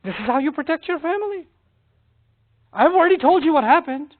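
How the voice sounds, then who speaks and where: A man's voice: animated, quick pace. A man voicing a scheming woman who fakes being the victim and goads her husband. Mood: goading. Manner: shrill, indignant, goading. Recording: tinny phone-like sound.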